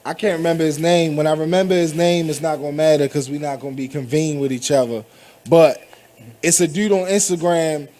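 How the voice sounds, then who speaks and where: A man on a radio talk show, telling an animated story at a fast clip. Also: on the high side. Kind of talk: casual radio chat.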